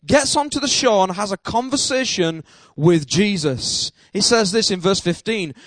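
Guy preaching w a high voice, dry close sound, keeps throwing in amen and shouting bits. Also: animated, normal speed, no room sound. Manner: emphatic preaching with repeated amens and bursts of shouting. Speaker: pastor. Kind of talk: sermon.

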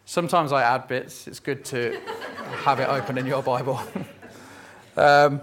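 A man's voice: mid-range voice, moderate pace, a bit bright. A man preaching a sermon, telling a Bible story in a conversational, lightly humorous way. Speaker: pastor.

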